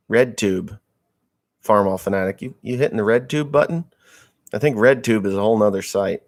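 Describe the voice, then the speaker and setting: A gravelly man hosting a relaxed livestream from his home. He talks loosely, reads viewers' messages aloud and tells crude jokes at an unhurried pace. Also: lowish voice. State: just woke up, a little slow. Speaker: livestream host. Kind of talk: casual livestream chat.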